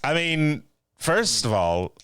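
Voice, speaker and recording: A young adult man co-hosting a casual live-streamed chat, talking in an animated, excitable way. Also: fairly high pitch, slow, smooth, no room sound, clean studio sound. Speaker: podcast co-host.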